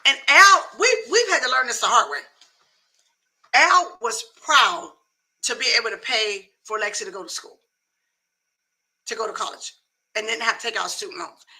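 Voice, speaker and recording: A woman's voice: on the high side, lively intonation, moderate pace, long pauses, pushed and bright, poor audio. A middle-aged woman hosting a live talk show, giving emphatic, folksy advice in a casual, preachy way.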